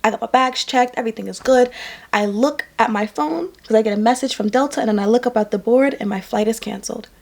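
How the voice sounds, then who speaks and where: Woman vlogger, fairly high voice, worn out, tells a personal story to camera, leans on repetition for emphasis. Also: fast, vocal fry. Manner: emphatic, repeats lines for effect. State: tired. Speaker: vlogger and makeup artist.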